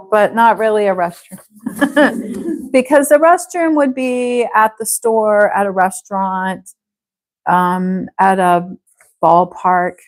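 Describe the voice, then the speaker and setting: Slow, clear-speaking woman teacher. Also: mid-range voice, rough recording. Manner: slow, clear model phrases for repeating. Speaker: English teacher. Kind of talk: live English class drills.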